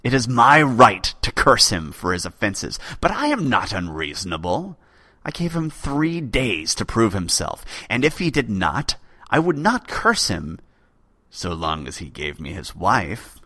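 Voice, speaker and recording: A man's voice: on the low side, sing-song, unhurried, pushed and bright, dry recording, clean studio sound, voice pushed up, full character voice. A man voicing a proud, spiteful old male chief poet who makes threats in indignant outbursts, reading from a storybook tale.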